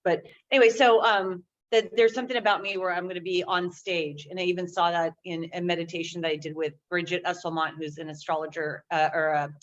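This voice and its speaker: A woman checking in on a casual video call, enthusiastic and rambling with many fillers. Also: lowish voice. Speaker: group member on a call. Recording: dull lo-fi call audio with faint noise.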